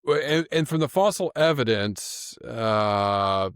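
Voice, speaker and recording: A man co-hosting a casual animal podcast, chatty and quick to laugh, often restarting his sentences. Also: mid-range voice, expressive, fairly bright tone, clear, resonant tone, no echo, clean studio sound. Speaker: podcast co-host. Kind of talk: casual chat.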